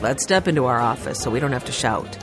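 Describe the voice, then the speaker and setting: A woman voicing a cautious adult male gallery owner in an audiobook, reciting slowly and deliberately. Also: rumbling low, animated, music in the background, pitched below the performer's own voice.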